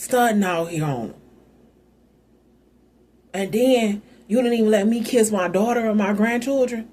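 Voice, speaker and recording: A woman's voice: mid-range voice, unhurried, warm tone, close to an everyday voice. A woman voicing a boastful, accusing older father-in-law.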